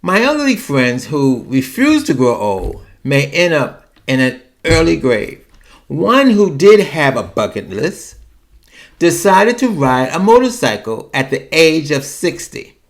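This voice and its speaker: A man's voice: on the high side, creaky, a bit bright. A man hosting a solo podcast and talking in a chatty, wry, digressive way. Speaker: podcast host. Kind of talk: monologue about personal fears.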